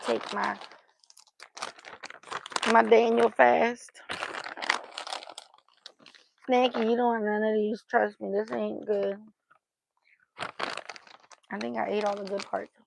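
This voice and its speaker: A woman's voice: fairly high pitch, level tone, slow, creaky, pauses often, noisy background. A woman hosting a casual livestream, chatting to viewers and cooing playfully at her pet between remarks. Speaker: livestream host.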